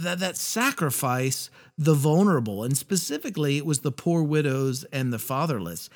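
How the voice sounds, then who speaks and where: A man hosting a faith podcast, talking earnestly and reading scripture passages aloud with pauses. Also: on the high side, vocal fry. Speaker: podcast host. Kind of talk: reflective faith podcast talk.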